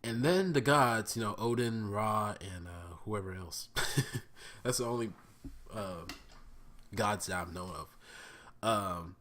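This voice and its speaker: A man talks through a cartoon episode he just watched, unhurried and loose, swearing freely and circling back with fillers. His voice sits a bit low but rings bright and forward. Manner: profane, bursts into laughing squeals when excited; rambling with many fillers and restarts. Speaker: vlogger reviewing a cartoon episode. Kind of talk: casual excited review.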